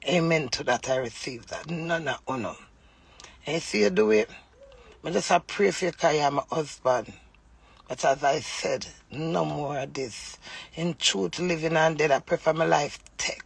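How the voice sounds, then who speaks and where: Gravelly Jamaican woman ranting. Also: deep voice, unhurried. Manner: heated, scolding, addresses her husband directly. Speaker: vlogger. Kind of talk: angry live rant.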